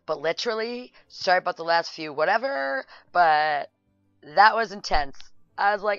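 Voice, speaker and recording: A woman casually commenting on a life-sim game, excitable, laughing and shouting at the screen. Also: lowish voice, moderate pace, no echo, muffled recording, faint music behind. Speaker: gameplay video host.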